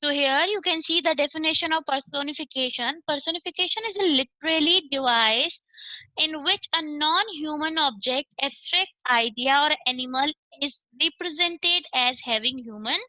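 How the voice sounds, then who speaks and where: A woman's voice: high voice, moderate pace, sharp tone, no echo, low-quality recording. A woman teacher with an Indian accent giving an online class, explaining step by step and mixing English with Hindi. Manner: explains step by step, switching between English and Hindi, checks with "okay".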